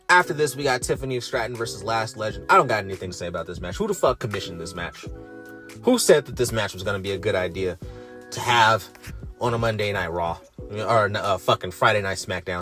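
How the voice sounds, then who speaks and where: A young man ranting sarcastically through a wrestling show review, swearing freely and pitching his voice up in disbelief. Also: animated, a little fast, bright, forceful tone, faint music behind. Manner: profane, sarcastic, exasperated, voice rising in disbelief.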